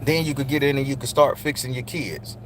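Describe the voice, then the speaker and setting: A man's voice: mid-range voice, fairly even intonation, fairly quick, a little hiss or hum. A middle-aged man talking to other men in a blunt, profane, preachy monologue, speaking directly to his listeners. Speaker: channel host speaking to men. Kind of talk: casual spoken monologue.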